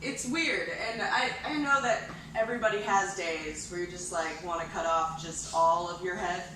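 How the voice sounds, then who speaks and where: A woman's voice: fairly low pitch, normal speed, bright, forceful tone, a little hiss or hum. A woman doing a profane stand-up set, bantering with a crowd in a bar. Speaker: stand-up comedian. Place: bar with live audience. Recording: echoey room, far from mic.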